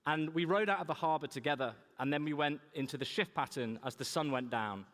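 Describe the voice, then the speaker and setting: A young man with a slightly high voice tells funny adventure stories from a conference stage. His talk rings out with the long reverb of a large hall. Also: fairly quick, fairly bright tone. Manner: humorous, anecdotal storytelling. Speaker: keynote speaker. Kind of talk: storytelling keynote talk.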